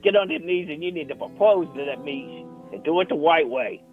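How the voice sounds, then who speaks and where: A man's voice: fairly high pitch, lively intonation, fairly quick, faint music behind, lightly acted. A man playing a boastful rock musician who calls in, rambling and stammering. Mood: flattering. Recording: tinny phone line.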